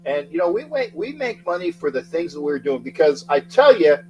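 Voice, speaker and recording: Middle-aged male sports streamer, lively up-and-down delivery, slightly high voice, shouty greetings, rambling chat. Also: brisk, muffled recording. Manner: excitable, shouts out viewer names, rambling. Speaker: livestream sports talk host. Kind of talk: casual livestream chat greeting viewers.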